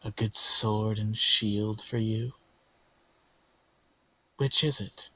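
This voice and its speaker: A man playing a soft-spoken tempting spirit. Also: fairly low pitch, fairly even intonation, drawn-out words, husky, no echo, pitched below the performer's own voice, exaggerated voice. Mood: coaxing menace. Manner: soft, coaxing, insinuating. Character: sinister tempting female spirit, mocking.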